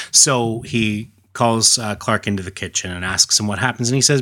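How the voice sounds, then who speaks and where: A man's voice: fairly low pitch, normal speed, hardly any pauses, pushed and bright, no echo, studio quality. A man casually retelling a comic story aloud at home, rambling with asides and fillers, now and then talking to a child.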